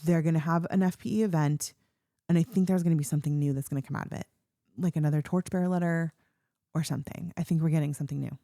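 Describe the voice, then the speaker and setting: A woman's voice: low voice, steady tone, fast talker, mellow, dry recording, clean studio sound. A woman co-hosting a podcast, musing in casual chat and laughing often. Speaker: podcast co-host.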